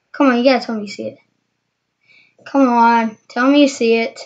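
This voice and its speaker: A woman's voice: high-pitched, flat delivery, normal speed, darkish tone. A woman casually demonstrating magic tricks in a rambling, hesitant way. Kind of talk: casual how-to tutorial. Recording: dull lo-fi with faint noise.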